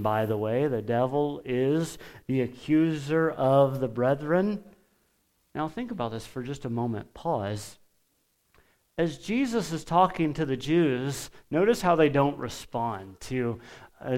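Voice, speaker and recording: A man preaching a sermon, emphatic and deliberate, pausing often and lifting his voice when quoting scripture. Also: medium pitch. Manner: lifts his voice for quoted scripture.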